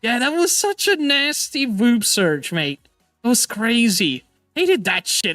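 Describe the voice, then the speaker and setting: A man hosting a casual live stream as a VTuber, excitable, stammering and often laughing or swearing. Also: very high-pitched, takes it slowly, no room sound, faint music behind.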